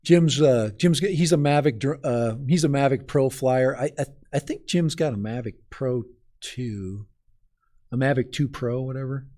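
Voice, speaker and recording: A man's voice: mid-range voice, unhurried, mellow. A man from Minnesota hosting a live stream outdoors in the cold, chatting casually and rambling as he talks straight to his viewers.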